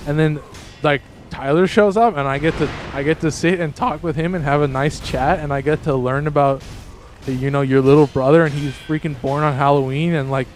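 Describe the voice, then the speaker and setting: A man livestreaming a game and chatting casually with his viewers, rambling with many restarts and sudden excited jumps in pitch. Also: fairly quick, slight background noise. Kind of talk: casual livestream chat with viewers while gaming.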